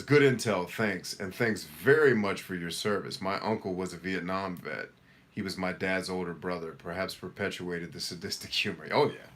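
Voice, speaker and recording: Deep-voiced middle-aged guy doing a live coaching q&a, reads chat out loud, direct and pumped up. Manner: direct, energetic, motivational. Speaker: life coach hosting a live Q&A. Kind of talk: casual livestream chat, reading viewer comments.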